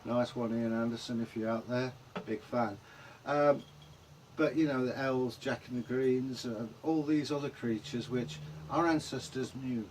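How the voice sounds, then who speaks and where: A man's voice: medium pitch, steady tone, measured pace, darkish tone, a little hiss or hum. Chatty rambling English man. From England. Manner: chatty, rambling, trails off mid-sentence. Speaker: vlog co-host. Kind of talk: casual chat.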